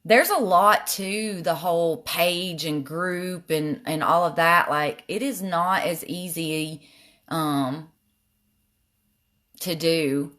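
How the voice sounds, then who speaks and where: An older woman with a Southern drawl talks through her makeup in a loose, self-deprecating way, answering viewers as she goes. Her voice sits a little low. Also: takes it slowly, a bit bright. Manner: chatty, self-deprecating, reads comments aloud. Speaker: makeup live streamer. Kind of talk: casual makeup tutorial live stream.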